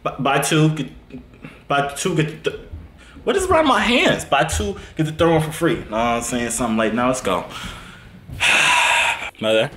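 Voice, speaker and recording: A man's voice: a little high, moderate pace, pauses often. A young man vlogging at home, joking and bragging in playful casual banter. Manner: playful boastful banter with lively rises. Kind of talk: joking casual vlog chat. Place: home, indoors. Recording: echoey room with faint ambient noise.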